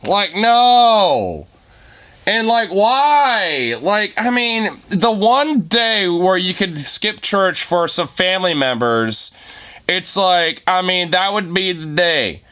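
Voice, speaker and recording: A man's voice: high-pitched, sing-song, slow pace, bright, forceful tone, clean tone. A young man streaming, ranting in casual chat, swearing a lot and laughing often.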